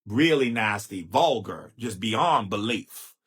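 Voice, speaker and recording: A man giving a live spiritual talk, playful and theatrical, with sudden jumps in pitch and drawn-out chanted phrases. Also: animated, a bit bright, breathy edge. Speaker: spiritual teacher.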